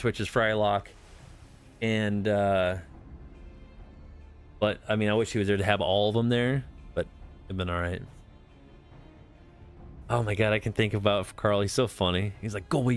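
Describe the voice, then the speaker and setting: A man's voice: lowish voice, clean tone. A man streaming a game, chatting casually in a rambling, profane way full of fillers. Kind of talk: casual live-stream chat.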